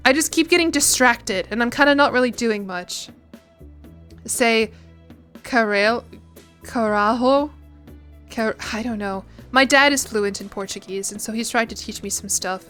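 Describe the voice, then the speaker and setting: Bright chatty young woman. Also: on the high side. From United States. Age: 20s. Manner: chatty and rambling, swears casually. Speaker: streamer. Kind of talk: casual chat while gaming.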